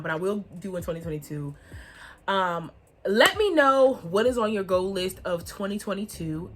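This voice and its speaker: A woman's voice: medium pitch, fairly bright tone, slight background noise. A young woman, talking to her viewers in a casual, heartfelt vlog and laughing often. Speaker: vlogger.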